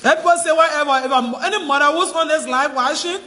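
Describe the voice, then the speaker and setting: A woman's voice: high voice, quick pace, pushed and bright, long reverb tail. A Liberian woman making a distressed, tearful plea on a phone livestream, insisting again and again in a pleading tone. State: crying, distressed.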